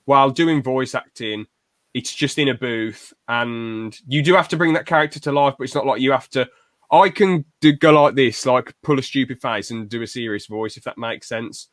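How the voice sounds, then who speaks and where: A man co-hosts a casual podcast, chatting keenly and tossing in short quoted asides. His voice sits at an ordinary middle pitch. The recording is dry and close, with no room sound. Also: no room sound. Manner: chatty, enthusiastic, quick asides with brief put-on quotes. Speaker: podcast co-host. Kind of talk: casual chat.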